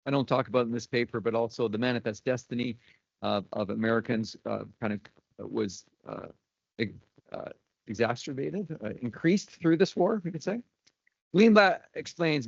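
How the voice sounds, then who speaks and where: A man with a mid-range voice and vocal fry reads a university lecture from his notes, adding dry asides and stumbling over some words. The recording is dry, dull, and lo-fi.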